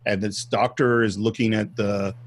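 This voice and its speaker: A man's voice: fairly low pitch, steady tone, moderate pace. A man co-hosting a film podcast, talking through movie scenes and behind-the-scenes trivia in a casual chat.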